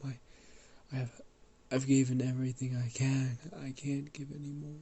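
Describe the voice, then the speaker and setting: A man's voice: mid-range voice, level tone, moderate pace, warm tone, slightly rough. A man with a cold voicing a ten-year-old boy pleading desperately in a spoken story. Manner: pleading, broken up. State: has a cold.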